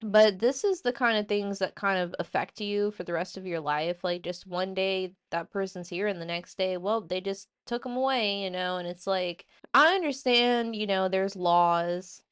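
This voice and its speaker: A woman's voice: medium pitch, moderate pace, few pauses, clean tone. A woman vlogger telling a personal story in a casual, rambling way, full of "like" and "you know". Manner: rambling, filler-heavy, many "like" and "you know".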